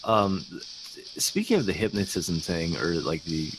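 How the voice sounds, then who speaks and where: A man's voice: sits low, measured pace, music in the background. A man on a casual podcast, telling a story in a meandering way with many fillers. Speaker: podcast co-host.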